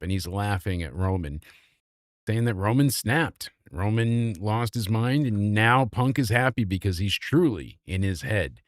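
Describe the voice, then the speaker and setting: A man's voice: lowish voice, unhurried, no echo, clean studio sound. Sarcastic man recapping wrestling. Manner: animated, sarcastic, swears freely. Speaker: wrestling show reviewer. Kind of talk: casual recap and commentary.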